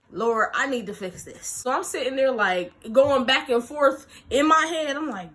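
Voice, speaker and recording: A young woman vlogger telling a story in a lively, animated way, acting out quotes and laughing often. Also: high voice, moderate pace, faint music behind. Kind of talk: storytime vlog.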